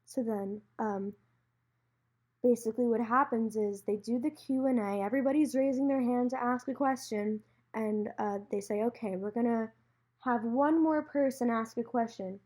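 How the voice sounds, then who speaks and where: A woman's voice: a little high, normal speed. A young woman hosting her own podcast, telling a story alone and acting out the lines of the people in it. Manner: animated storyteller, acts out quoted lines. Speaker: podcast host.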